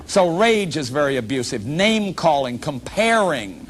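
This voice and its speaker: Male workshop lecturer, higher voice; animated, acts out what people say, restarts sentences often. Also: normal speed, slight background noise. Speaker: lecturer on shame and addiction.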